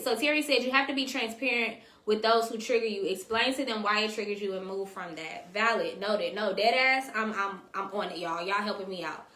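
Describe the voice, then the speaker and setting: A woman's voice: a little high, sharp tone. A woman hosting a casual livestream, reading out viewer comments and talking straight to her viewers in a slangy, chatty way. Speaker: host. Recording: echoey room.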